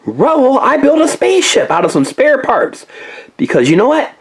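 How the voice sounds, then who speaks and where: A clever little inventor pup, played by a man in a toy story. He talks high and husky, bouncing all over his range with eager insistence. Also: normal speed, full character voice. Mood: excited. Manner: excited, insistent. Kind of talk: toy play-along story voice.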